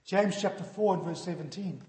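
A man's voice: sits high, normal speed, dark tone. A man preaching a sermon earnestly, his voice sinking solemn on warnings, in a church hall. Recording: echoey hall.

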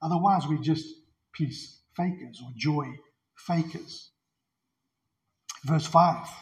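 High-voiced emphatic man preaching. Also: slow pace, rough recording. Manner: earnest, emphatic, repeats key phrases. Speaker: pastor. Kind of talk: expository sermon.

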